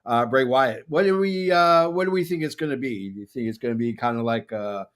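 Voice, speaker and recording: A man's voice: mid-range voice, fairly bright tone. Rambling male podcast host. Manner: rambling, with many filler pauses. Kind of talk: casual chat.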